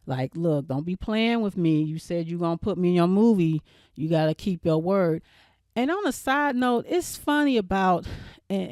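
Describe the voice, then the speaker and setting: A woman's voice: medium pitch, a little mellow, no echo, clean studio sound. A woman hosting her channel, casually recapping a TV episode in a chatty, rambling way with lots of fillers and restarts. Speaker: show reviewer and channel host.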